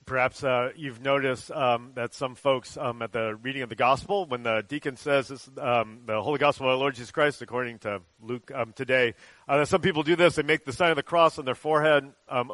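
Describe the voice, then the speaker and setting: A man giving a conversational sermon and leading a short prayer, talking in a relaxed way with many ums and uhs. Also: medium pitch, dry recording, low-quality recording. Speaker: preacher.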